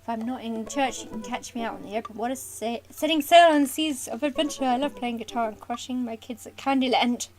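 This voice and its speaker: A woman's voice: on the high side, a little fast, hardly any pauses, low-quality recording. A young woman hosting a let's play, reading a dating game aloud and making chatty, giggly asides.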